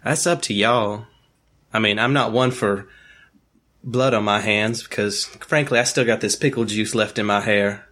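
A man's voice: lowish voice, normal speed, a bit bright. A man playing a tabletop game, speaking in character with a sweet-talking, coaxing manner. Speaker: player. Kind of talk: in-character tabletop role-play.

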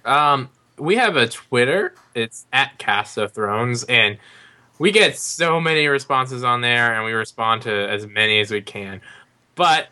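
A man co-hosting a podcast, giving friendly shout-outs to listeners. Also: mid-range voice, expressive. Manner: friendly, reading out names slowly. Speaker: podcast co-host. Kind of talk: casual podcast banter.

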